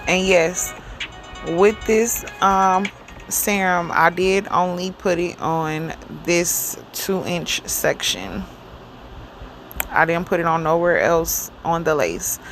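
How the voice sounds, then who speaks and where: Slow, low-voiced woman explaining casually. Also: soft background music. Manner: slow, relaxed, chatty explaining with fillers. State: cold and yawning. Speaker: hair stylist demonstrating a wig. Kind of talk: casual tutorial talk.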